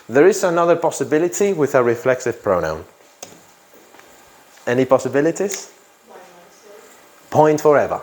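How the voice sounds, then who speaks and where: A man's voice: a little high, lively intonation, normal speed, pauses often, darkish tone. A man teaching an English grammar class in a classroom, repeating example sentences and asking students questions.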